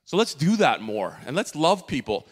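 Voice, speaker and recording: A man giving an earnest church testimony from the stage, halting and full of fillers and restarts. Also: on the high side, very animated. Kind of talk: emotional spoken testimony. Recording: long reverb of a large hall.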